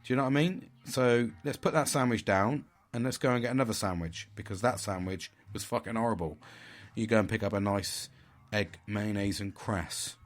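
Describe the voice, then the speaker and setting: A man's voice: fairly low pitch, moderate pace. Blunt, swearing man. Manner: blunt, heavy swearing, vivid outbursts. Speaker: vlogger. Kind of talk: candid monologue.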